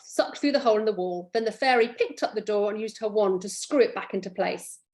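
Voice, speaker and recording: A middle-aged woman, a children's author, reading her book aloud to schoolchildren in a lively, playful, encouraging way over a computer microphone. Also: on the high side.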